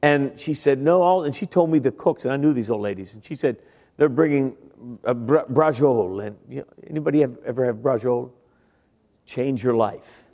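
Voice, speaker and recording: A man's voice: mid-range voice, brisk, creaky, dark tone, big-room sound. A middle-aged man preaching a humorous sermon, telling his story with stammering impressions and self-deprecating jokes. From Italian-American family. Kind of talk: humorous sermon with acted-out voices. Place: large church sanctuary.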